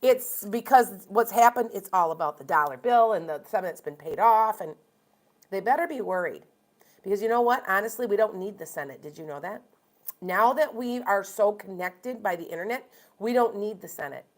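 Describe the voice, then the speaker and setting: A woman's voice: mid-range voice, expressive, normal speed. A chatty woman from Wisconsin hosts a live stream as a tarot reader. She talks in a casual, rambling way and airs blunt opinions freely.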